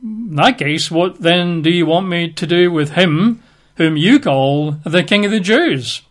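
A man's voice: high voice, expressive, measured pace. A male preacher voicing a middle-aged Roman governor who asks exasperated, pleading questions. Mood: cornered.

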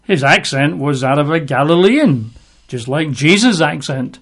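Male Bible teacher, conversational sermon, a touch high-pitched, wry. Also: animated, a little slow. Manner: chatty, wry asides between scripture readings.

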